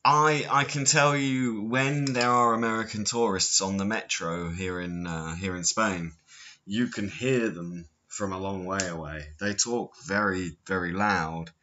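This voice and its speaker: A man's voice: low voice, steady tone, measured pace, pushed and bright, muffled recording, slight background noise. A man hosting a casual chat, telling stories and dropping into silly impressions. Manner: chatty, storytelling with silly impressions.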